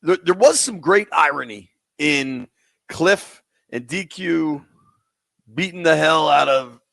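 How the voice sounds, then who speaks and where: A man's voice: fairly high pitch, lively intonation, takes it slowly, creaky, a bit bright, dry recording. A man hosting sports talk radio, taking listener calls in a casual, slangy way.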